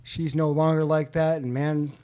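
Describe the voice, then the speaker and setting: A man's voice: a little high, flat delivery, moderate pace, a little mellow. A man from California, a podcast guest, telling his recovery story in an earnest, heartfelt way.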